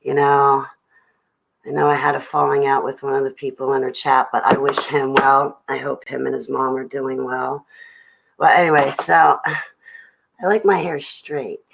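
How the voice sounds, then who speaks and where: A woman's voice: extremely low pitch, little pitch movement, unhurried, vocal fry, breathy edge, rough recording. A young adult woman hosting a livestream, rambling chattily about her day and greeting viewers in the chat. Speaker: livestream host.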